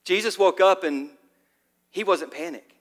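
A man preaching a sermon in a church hall, telling the story in a lively, casual way with plenty of fillers. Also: high voice, a little slow. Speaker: pastor.

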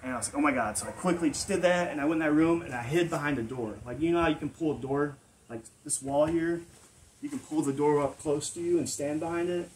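A man's voice: on the high side, fast talker, darkish tone, slight background noise, low-quality recording. A man telling a personal story in a casual, rambling way full of filler words, as the host of his own channel. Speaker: vlog storyteller.

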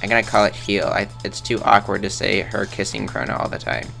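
A man's voice: on the low side, expressive, brisk, gravelly, bright, forceful tone, faint music behind. A man rambling through casual game commentary in a goofy, self-mocking way, tossing in silly sound effects. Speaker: let's play host.

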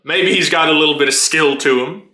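A man hosting a casual anime reaction, excitable, laughing often and swearing freely as he watches. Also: on the high side, fairly quick. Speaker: anime reaction channel host. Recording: roomy echo.

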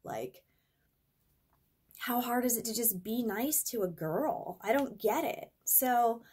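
Woman, young adult, husky, slow-talking, profane, exasperated, casual storytime vlog. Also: a little high, lively intonation, darkish tone. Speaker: vlogger.

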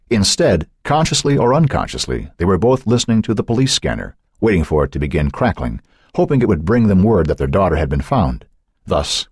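Deep, husky male audiobook narrator. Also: dry recording, clean studio sound. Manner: expressive, suspenseful reading.

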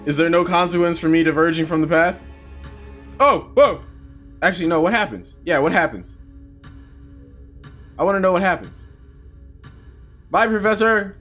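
A young man running a let's-play commentary with a high, bright, very animated voice, jokey and excitable. He yells spell names as he plays, with faint game music behind him. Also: brisk, pauses often. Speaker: gaming YouTuber.

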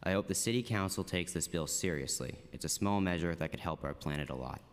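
Teen guy reading his testimony, very low smooth voice, big hall echo. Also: fairly quick. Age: teens. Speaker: student testifying. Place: council chamber. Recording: long reverb in a hall.

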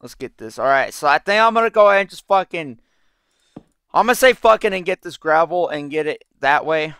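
A man's voice: fairly high pitch, animated, brisk, a bit bright, clear, resonant tone, no room sound, studio quality. A young man giving casual, rambling commentary over his gameplay, frustrated and swearing constantly. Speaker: let's play gamer.

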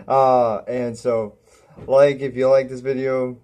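Male vlogger, unhurried and mellow, laughs easily and keeps fumbling his lines. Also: mid-range voice, little pitch movement, gravelly. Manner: giggly, stumbles over words and corrects himself. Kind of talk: goofy self-made comedy video.

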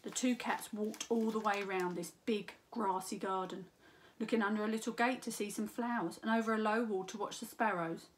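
A woman, a school teacher, reading a children's story aloud in an expressive, unhurried way. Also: medium pitch, slight background noise.

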